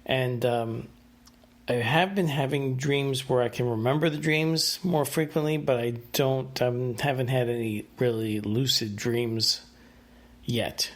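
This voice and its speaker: A man's voice: mid-range voice, steady tone, a little slow. A man hosting a casual solo podcast, telling a story in a rambling, hesitant way with many fillers and restarts. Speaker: podcast host.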